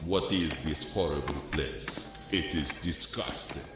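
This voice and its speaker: A man voicing a disdainful character with a put-on French accent. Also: a little slow. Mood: disgusted. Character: disgusted deep-voiced man named Victor. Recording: booming echo with loud music.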